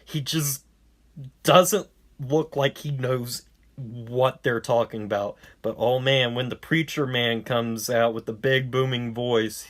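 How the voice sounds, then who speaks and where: A man talks through a movie review in an unhurried way, wry and a little sarcastic. He rambles, trips over his words and restarts his sentences, and his voice sits at an ordinary mid pitch. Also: fairly even intonation. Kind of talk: casual spoken review.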